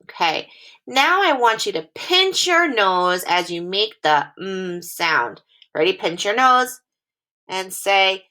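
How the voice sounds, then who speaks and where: A woman teacher giving a phonics lesson to young children, speaking slowly and clearly in a sing-song way. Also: mid-range voice, pushed and bright.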